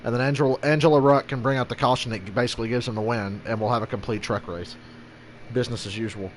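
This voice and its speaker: A man's voice: mid-range voice, steady tone, fast, a little hiss or hum. A man ranting casually through a live race reaction, swearing without a second thought. His voice sits in an ordinary middle range and stays offhand and frank. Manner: blunt, ranting, swears often.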